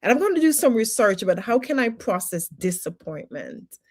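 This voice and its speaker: A woman's voice: on the high side, very animated, moderate pace. A woman teaching personal development on a livestream, emphatic and full of rhetorical questions, with faith-based encouragement.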